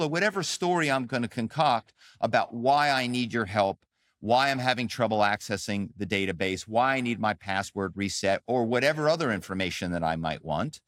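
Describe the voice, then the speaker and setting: A man's voice: fairly low pitch, expressive, fairly quick, a bit bright, no room sound, clean studio sound. A man who is a guest author, telling stories in an interview with emphatic, dramatic delivery. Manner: emphatic, acts out calls with quoted voices. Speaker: guest, author and former actor. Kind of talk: animated interview storytelling.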